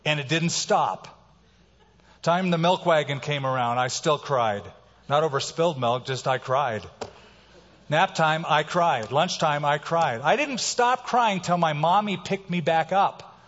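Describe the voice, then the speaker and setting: A man preaching a sermon as a pastor, who swings between quiet, slow passages and loud, emphatic lines. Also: a little high. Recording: reverberant hall, dull sound.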